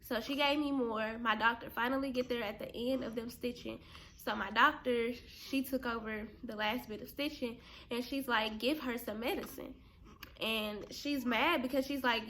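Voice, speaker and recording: A young adult woman vlogger telling a story to camera in an animated, chatty way, speaking straight to her viewers. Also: a little high, a little hiss or hum. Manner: animated, chatty, addresses viewers as "girl" and "y'all".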